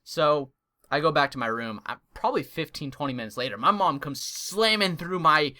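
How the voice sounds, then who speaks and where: A young man hosting a vlog, telling a funny story in an animated, comic way. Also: a little high, normal speed. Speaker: gaming channel host.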